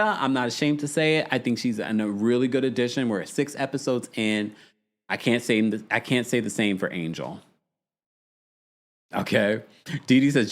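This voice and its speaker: A man's voice: mid-range voice, normal speed. A man hosting a reality TV recap show. He reads viewer comments aloud, laughs often and repeats words when he restarts a sentence. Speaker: podcast host. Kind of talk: reality TV recap with live chat.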